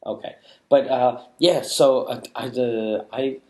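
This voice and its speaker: A man's voice: medium pitch, fairly even intonation, takes it slowly, dark tone. Rambling, profane French Canadian man. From Quebec, Canada. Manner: rambling, profane, many restarts and fillers. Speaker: comedian. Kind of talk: casual storytelling. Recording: roomy echo.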